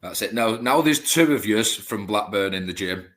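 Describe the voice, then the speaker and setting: A male co-host with a fairly low, bright and forceful voice. He asks questions in a chatty, encouraging way during a casual sports interview. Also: animated, normal speed. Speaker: podcast co-host.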